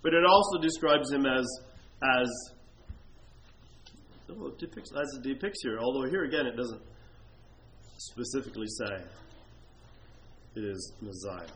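A man preaching a sermon, reading scripture aloud slowly and loudly, then explaining it in a quieter voice. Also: medium pitch. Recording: echoey room with faint noise.

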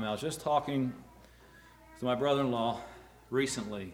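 A middle-aged man preaching a sermon to fathers, earnest, rising loud on key words and dropping low. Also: normal speed. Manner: earnest, rises loud for emphasis then drops low. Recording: echoey room.

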